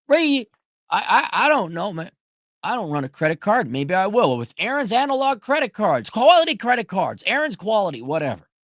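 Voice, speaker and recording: Sarcastic, animated man ranting. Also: sits high, dry recording, clean studio sound. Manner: sarcastic, swears a lot. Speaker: podcast host. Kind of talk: profane ranting monologue.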